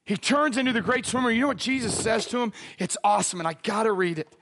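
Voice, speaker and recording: A man's voice: high-pitched, fast, gravelly, a bit bright, a little hiss or hum. A man preaching a sermon, dramatic and casual, acting out the voices in a Bible story. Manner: casual slangy phrasing.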